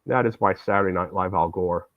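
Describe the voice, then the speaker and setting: A relaxed male streamer chats casually in a lowish voice while playing. His audio is thin and phone-like, dry with no room sound. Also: brisk, no echo. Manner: relaxed, chatty, self-deprecating. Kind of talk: casual livestream chat while gaming.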